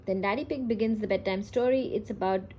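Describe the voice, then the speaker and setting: Mom casually reading a picture book aloud. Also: female voice, mid-range voice, fairly quick, very noisy. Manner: reads plainly with fillers and self-corrections, little character voicing. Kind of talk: casual read-aloud with commentary.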